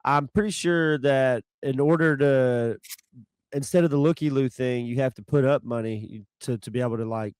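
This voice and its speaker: A man's voice: medium pitch, moderate pace, a little mellow, smooth, no room sound, rough recording. A man co-hosting a podcast who chimes in with short reactions and laughs during casual chat. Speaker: podcast co-host.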